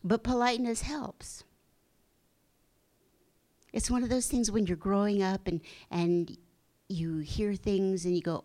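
A middle-aged woman giving a gentle, reflective spiritual talk, slow at times and sometimes dropping to a soft, breathy hush. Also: mid-range voice, steady tone. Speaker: spiritual teacher.

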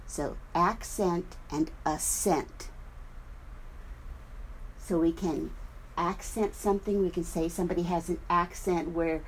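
A woman minister giving a sermon at a spiritual center, explaining things deliberately and spelling out words as she goes. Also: on the low side, steady tone, a little hiss or hum, poor audio.

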